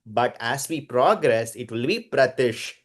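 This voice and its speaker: A man leads a chanting lesson at a very unhurried pace. He draws out every syllable and says each word again and again. He often stops to quiz his students. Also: medium pitch, lively intonation. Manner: drawn-out syllables, repeats words, quizzes students. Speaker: Sanskrit chanting teacher.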